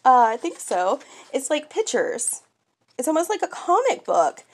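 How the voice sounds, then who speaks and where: A young woman chatting casually while unboxing mail, gushing with excitement and gasping at each find. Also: high-pitched, a little slow. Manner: gushing, excitable, squeals and gasps. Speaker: toy collector vlogger.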